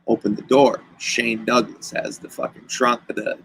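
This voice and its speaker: A man's voice: mid-range voice, unhurried, vocal fry, slight background noise, rough recording. A man, a guest wrestler, telling stories in casual chat and acting out the lines of the people in them. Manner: animated, acts out quoted dialogue.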